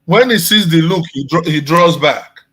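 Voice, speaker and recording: A man's voice: on the high side, normal speed, fairly bright tone, breathy edge, low-quality recording. A man, a guest and pastor, telling a story in casual discussion, repeating his phrases.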